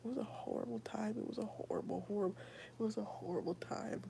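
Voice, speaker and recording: A young woman giving a whispered personal testimony, soft and halting, with a gravelly edge. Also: mid-range voice, slight background noise. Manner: soft, often whispered, halting with many fillers. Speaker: streamer sharing a personal testimony.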